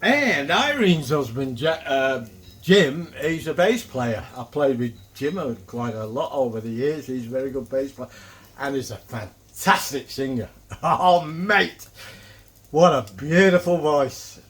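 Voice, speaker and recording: This older Mancunian from England runs a cooking vlog, chatting easily and cursing lightly as he works the griddle. The voice is medium-pitched and a bit bright, with lively intonation at a slightly slow pace.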